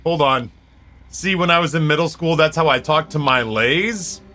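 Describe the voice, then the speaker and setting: Streaming a game, a man chats casually with viewers, rambling and trading crude jokes. His voice is fairly high, pushed and bright, at a normal speed.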